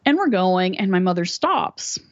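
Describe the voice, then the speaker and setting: Animated woman telling a story. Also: lowish voice, a little slow, dry recording, highs cut off. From West Virginia, US. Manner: animated storyteller who acts out quoted dialogue. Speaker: podcast guest. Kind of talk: storytelling in a casual interview.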